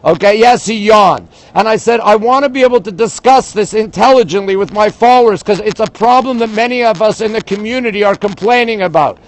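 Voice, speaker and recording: An older man from Montreal rants in casual chat on a live stream, speaking straight to his viewers and reading out their comments. He's outdoors in a big city at dawn, his high voice brisk with hardly any pauses. The phone recording is dry and the audio poor.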